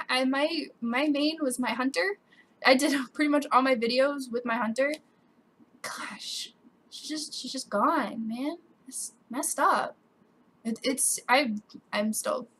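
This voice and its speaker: High, bright-voiced upset young woman. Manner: emotional, swearing, voice breaking with quoted outbursts. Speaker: gaming YouTuber. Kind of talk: upset personal vlog rant.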